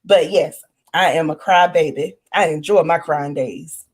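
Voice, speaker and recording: A woman's voice: deep voice, measured pace, husky. A woman, chatting candidly and laughing often as a co-host. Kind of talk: casual chat.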